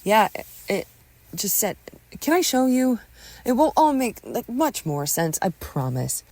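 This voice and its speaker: A woman's voice: on the high side, sing-song, measured pace, a little mellow, no echo, pitched above the performer's own voice, exaggerated voice. A woman voicing a rattled young man who stammers and hedges in a narrated audio story. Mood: awkward. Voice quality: stammering, hesitant.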